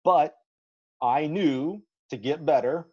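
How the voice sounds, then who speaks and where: A man from Alabama, a track and field coach, telling animated, folksy stories in a podcast interview and acting out the lines he quotes. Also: fairly high pitch, slow, breathy edge. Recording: slightly dull lo-fi audio.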